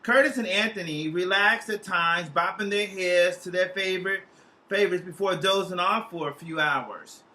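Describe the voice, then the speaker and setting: Bright-voiced man reading a comic story. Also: high-pitched, normal speed, low-quality recording. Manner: lively, playful, profane storytelling. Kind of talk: humorous literary reading.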